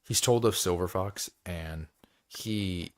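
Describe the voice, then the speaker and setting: A man's voice: sits low, slow pace. A man hosting a book club, recapping chapters in a loose, rambling way, with lots of filler words and frequent laughs.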